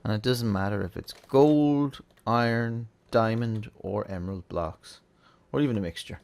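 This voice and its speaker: A man hosting a relaxed, chatty game tutorial, thinking aloud as he plays. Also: on the low side, normal speed, creaky. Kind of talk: casual gameplay tutorial.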